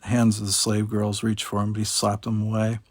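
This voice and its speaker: A man narrating a short science fiction story in a steady storytelling manner. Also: lowish voice, brisk, no echo. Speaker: audiobook narrator. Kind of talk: audiobook narration.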